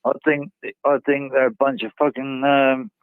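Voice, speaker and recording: Male caller, mid-pitched, hesitant and sweary, phone-line sound. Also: level tone, moderate pace, smooth, dry recording. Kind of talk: casual phone-in chat. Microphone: phone call.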